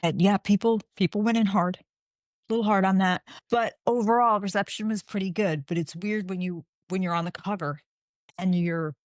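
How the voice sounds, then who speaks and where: A woman in her forties, a guest author chatting in an interview, telling animated stories and acting out the dialogue. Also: mid-range voice, normal speed, no echo, studio quality. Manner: animated storyteller, acts out quoted dialogue. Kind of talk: casual interview chat.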